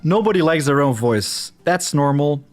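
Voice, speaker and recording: Flemish man, Dutch native, lively swooping voice, rambling stream chat, faint music behind. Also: a little high, moderate pace. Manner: rambling, self-deprecating, talks to chat. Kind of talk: casual livestream chat over gameplay.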